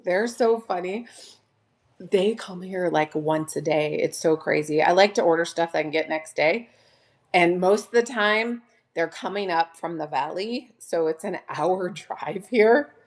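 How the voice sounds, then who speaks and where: A woman hosting a casual live sale from home, chatting warmly and gushing over each item. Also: fairly low pitch, measured pace. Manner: chatty, gushing, addresses viewers as "you guys". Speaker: online live-sale seller. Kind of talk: casual live-stream selling chat.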